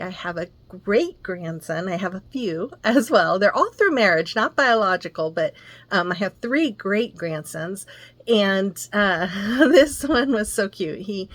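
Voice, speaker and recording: A woman's voice: mid-range voice, no echo. Chatty older woman, dry close sound. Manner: chatty, rambling, warm storytelling. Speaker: crafting channel host. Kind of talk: casual chat and craft tutorial. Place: home craft room.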